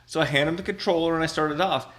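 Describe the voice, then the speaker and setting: A man's voice: a little high, quick pace. A man co-hosting a casual chat, acting out quotes and laughing often. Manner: animated storyteller, acts out quotes, laughs often. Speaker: podcast co-host.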